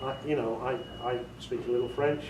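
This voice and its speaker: A man's voice: medium pitch, steady tone, a little fast. A British man giving an informal workshop talk as an audiobook director, chatty and joking with the small audience he quizzes. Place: meeting room with a small audience. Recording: echoey room, voice far from the mic, faint noise.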